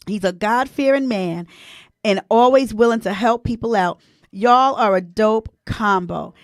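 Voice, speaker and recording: A woman's voice: mid-range voice, measured pace, no echo, clean studio sound. A woman, hosting a casual live-stream chat, chatty and emotional as she talks to her viewers. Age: 40s. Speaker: host.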